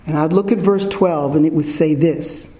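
A man preaching a sermon to a congregation in a church, repeating his points slowly and quizzing the listeners with fill-in questions. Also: on the high side, mellow. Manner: slow, emphatic repetition. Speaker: pastor. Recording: echoey church room.

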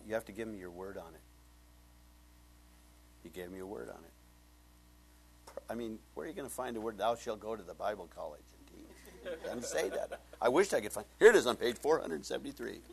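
A man preaching as a pastor, telling a personal story with lively acted-out dialogue that swings up high when he gets excited. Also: a little fast, creaky, long pauses, a little hiss or hum. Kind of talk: sermon with storytelling.

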